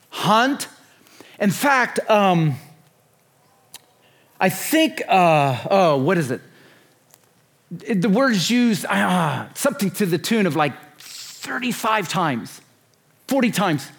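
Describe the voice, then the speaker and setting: A man's voice: high voice, sing-song, slow pace, pauses often, a bit bright, breathy edge. A man in his sixties preaching a sermon to a conference crowd, emphatic and repetitive, stopping often to ask his listeners questions. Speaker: conference speaker.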